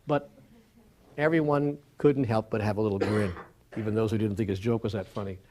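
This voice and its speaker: A man giving a spiritual talk as an animated storyteller, acting out dialogue and sometimes dropping to a soft near-whisper. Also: on the low side, fairly quick. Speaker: spiritual speaker.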